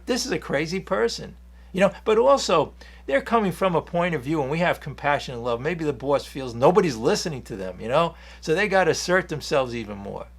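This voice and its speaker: A man's voice: on the high side, fairly bright tone. A man giving an earnest, rambling spiritual talk on a 12-step program, reading passages from a book and restarting his sentences often. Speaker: 12-step speaker.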